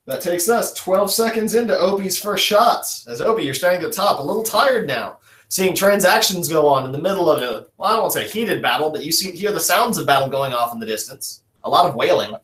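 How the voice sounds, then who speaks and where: A man's voice: fairly high pitch, lively intonation, a little fast, fairly bright tone. A man running a tabletop game as dungeon master, narrating in a casual, chatty way. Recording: roomy echo.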